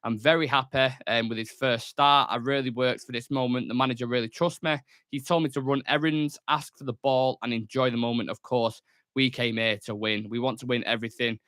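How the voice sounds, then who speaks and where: Man, young, fan channel host, chatty, fillers, dry room, mid-pitched. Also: fairly even intonation, fairly quick, fairly bright tone, dry recording. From England. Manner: chatty, jokey, lots of fillers. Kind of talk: solo news show, casual chat. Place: small studio room.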